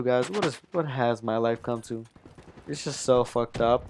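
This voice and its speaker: A man's voice: medium pitch, a little slow, very noisy. Rambling fourteen-year-old boy vlogger. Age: teenager, fourteen. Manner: rambling, swearing, often addressing viewers as "guys". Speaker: vlogger telling a story. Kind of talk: casual storytelling to camera.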